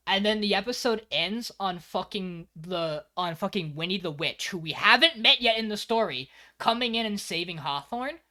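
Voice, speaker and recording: Brief: man, podcast co-host, punchy and bright, retells anime plots with animated, profane energy. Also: high voice, normal speed, hardly any pauses. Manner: animated storyteller, frequent swearing. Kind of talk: casual anime recap chat.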